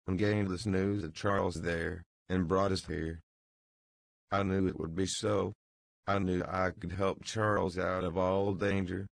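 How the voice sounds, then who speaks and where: A man voicing a calm, boldly confident older male doctor in an audiobook reading, cool and assured. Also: low voice, creaky, no echo, low-quality recording.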